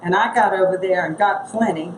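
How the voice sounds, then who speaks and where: A woman's voice: medium pitch, fairly quick. A woman, chatting through a craft tutorial as she works. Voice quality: gravelly. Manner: chatty, thinks aloud while working. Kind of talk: casual craft demonstration. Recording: echoey room with noise.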